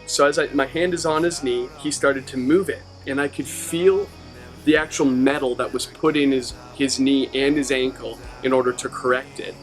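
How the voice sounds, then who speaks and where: A man from a youth ministry team tells a personal testimony and acts out the people he quotes in a lively way. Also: mid-range voice, moderate pace, soft background music. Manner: animated storyteller acting out quotes.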